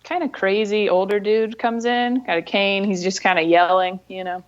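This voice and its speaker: A woman co-hosting a casual podcast, telling a bar anecdote in a relaxed way and laughing easily. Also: medium pitch, moderate pace, muffled recording. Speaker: podcast co-host. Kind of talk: casual chat.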